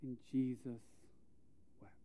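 A male pastor preaching a sermon, retelling a Bible story conversationally and dropping to a hush for emphasis. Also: mid-range voice, little pitch movement, slow, no echo, phone-quality sound.

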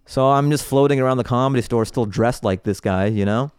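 A male comedian guest on a podcast, telling stories in an animated, casual way and laughing often between phrases. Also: medium pitch, brisk, clean tone, no room sound, clean studio sound.

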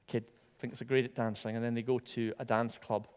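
A man preaching a sermon in a church, animated and emphatic, repeating words for stress. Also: mid-range voice, a little fast, smooth. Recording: long hall reverb.

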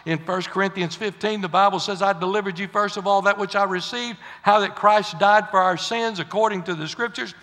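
Fiery preacher, bright high voice. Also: male voice, fairly even intonation, fairly quick, few pauses. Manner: folksy, rises to fiery shouts. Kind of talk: sermon. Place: church sanctuary. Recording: long hall reverb.

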